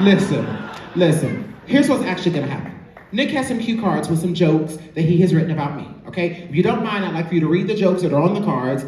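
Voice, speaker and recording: On a large theater stage, a man hosting a live drag show teases an audience member with sassy, laughing delivery in a warm, fairly high voice. It was filmed on a phone from the audience, so the sound is echoey and distant, with crowd noise.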